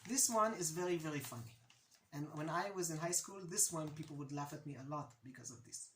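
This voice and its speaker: A woman from Israel with an Israeli accent, casually teaching words and repeating each one slowly so the pronunciation is clear. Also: sits low, expressive, fairly bright tone, echoey room, a little hiss or hum. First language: Hebrew. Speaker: language teacher. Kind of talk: casual video lesson.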